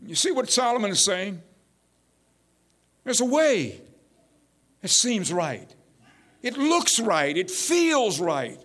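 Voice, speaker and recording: A pastor preaching a sermon, calling out to his congregation and building to shouts. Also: high voice, sing-song, takes it slowly, pauses often. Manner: call-and-response preaching, rising to shouts.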